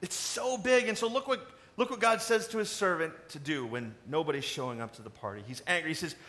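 A man preaching a sermon in a conversational, animated way, asking the congregation questions. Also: a little high, a little fast, hardly any pauses. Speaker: pastor.

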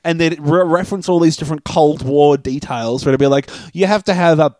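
A man's voice: on the high side, brisk, dark tone, no echo. A man co-hosting a casual film discussion podcast, thinking aloud in long winding sentences with restarts and the odd swear. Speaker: podcast co-host.

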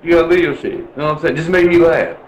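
A man's voice: fairly high pitch, very fast, dull audio, slight background noise. Blunt, profane man in an echoey room. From Milwaukee, USA. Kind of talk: casual chat.

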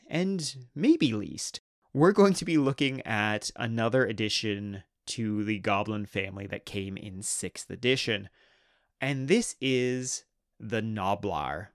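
A man's voice: lowish voice, slow pace, no room sound, studio quality. A man hosting a hobby history video, narrating in an enthusiastic, conversational way. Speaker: host.

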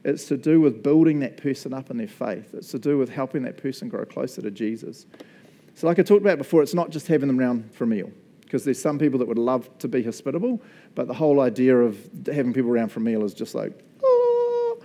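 A man's voice: mid-range voice, fast talker. A man with a New Zealand accent preaching a casual, jokey sermon full of stories. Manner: chatty, jokey, animated storyteller.

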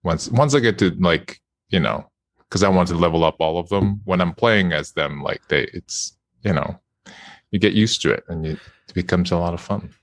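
A man, a video game actor, chatting as an interview guest, relaxed and laughing often, with hesitant fillers. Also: sits low, moderate pace, no echo. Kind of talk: casual interview chat.

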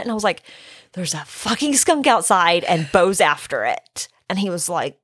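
A middle-aged woman, hoarse from illness, telling a story in casual chat, acting out her own quotes and swearing. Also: medium pitch, lively intonation, measured pace, fairly bright tone, no echo, studio quality.

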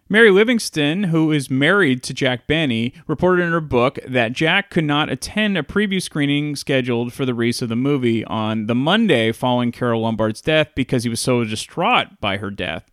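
A man's voice: medium pitch, normal speed, few pauses, a bit bright, no room sound, clean studio sound. A man reviewing a classic film in a casual, enthusiastic video. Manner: enthusiastic, chatty retelling. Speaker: movie reviewer.

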